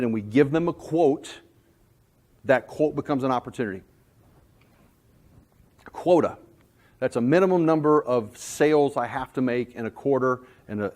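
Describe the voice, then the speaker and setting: A man giving a sales management talk, telling jokey stories in an animated, self-deprecating way to a room. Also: mid-range voice. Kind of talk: storytelling presentation.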